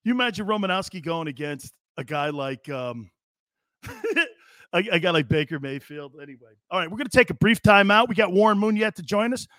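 A middle-aged man hosting a sports talk show, talking in a high, bright voice. He is excitable, stumbles over his words and bursts into loud laughter. His studio mic sounds dry and close. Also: fairly quick, no room sound. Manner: excitable, laughs loudly, repeats himself. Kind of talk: casual chat.

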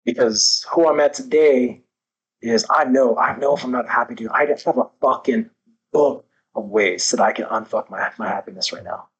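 A man's voice: mid-range voice, moderate pace, a bit bright, breathy edge, muffled recording. Intense, swearing man on a podcast. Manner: intense, emphatic, heavy swearing. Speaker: podcast guest. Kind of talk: candid motivational talk.

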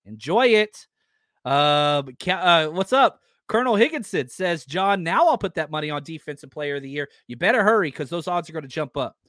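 A man's voice: on the high side, expressive, fairly quick, hardly any pauses, pushed and bright, dry recording, clean studio sound. A man hosting a live sports fan podcast, talking with enthusiasm and gratitude and reading listener comments aloud. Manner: enthusiastic, grateful, reads chat comments aloud. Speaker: podcast host.

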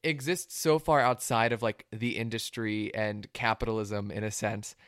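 A man's voice: fairly low pitch, steady tone, a bit bright, smooth, no echo, studio quality. A young man hosting a podcast, asking curious questions in casual chat full of fillers. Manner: curious, quick bursts with fillers. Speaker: podcast host.

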